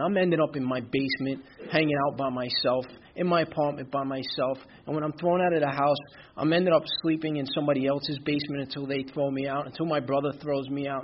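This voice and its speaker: A man's voice: on the high side, muffled recording, slight background noise. A man, from Brooklyn, telling a candid personal recovery story in a conversational way, with many fillers. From Brooklyn, New York. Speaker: recovery speaker. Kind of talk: personal testimony talk.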